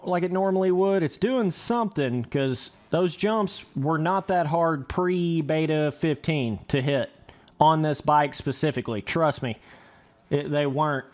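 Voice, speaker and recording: A young man giving casual, excitable commentary over motocross gameplay, laughing and trash-talking as he rides. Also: on the high side. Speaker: gaming commentator.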